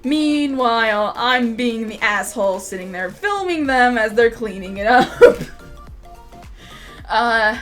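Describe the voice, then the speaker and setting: A woman's voice: on the high side, expressive, slow, faint music behind. A young adult woman vlogger telling a rambling, laugh-filled story in casual talk, swearing freely.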